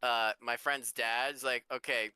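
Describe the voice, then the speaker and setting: A man's voice: mid-range voice, fairly even intonation, slow, bright, forceful tone, clear, resonant tone. A man chatting casually on a stream, telling a laid-back story. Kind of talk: casual chat.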